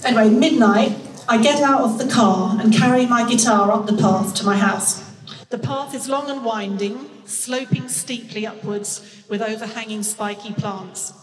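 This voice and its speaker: A woman's voice: fairly high pitch, moderate pace. A woman in her sixties with a nasal North London accent, a guest author chatting frankly and reading from her memoir in a self-mocking way. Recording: long hall reverb.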